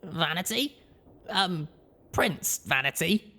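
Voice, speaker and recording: A man reading aloud, voicing an eager young female unicorn adventurer who talks in an excitable, earnest way. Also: a little high, takes it slowly, pitched above the performer's own voice, exaggerated voice. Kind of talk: audiobook reading.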